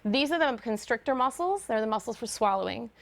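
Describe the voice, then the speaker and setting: A woman teaching singers about vocal muscles and intonation in a lively lecture, now and then singing short demonstration notes. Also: fairly high pitch, a little fast, gravelly. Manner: animated, demonstrates sung notes. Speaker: guest voice teacher. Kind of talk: lecture to a choir.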